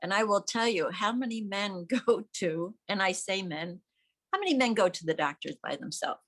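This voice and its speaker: A woman's voice: mid-range voice, moderate pace. Emphatic older woman telling stories. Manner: emphatic, animated, acts out quoted voices. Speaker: interview guest, veteran's widow. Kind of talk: conversational storytelling. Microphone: remote audio call.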